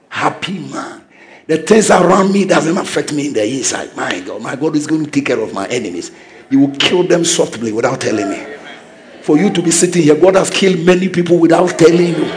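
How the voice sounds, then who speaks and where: A man with a Ghanaian English accent preaches a sermon in a notably high voice. He delivers fervent declarations that climb into shouts and drives each point home to his congregation. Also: expressive, a little fast, a crowd in the background.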